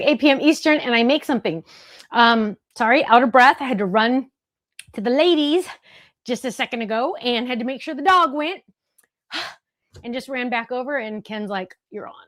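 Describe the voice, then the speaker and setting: A woman's voice: high voice, fairly bright tone, dry recording, clean studio sound. A woman hosting a live craft show, talking in a chatty, rambling way full of asides. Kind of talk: casual livestream chat.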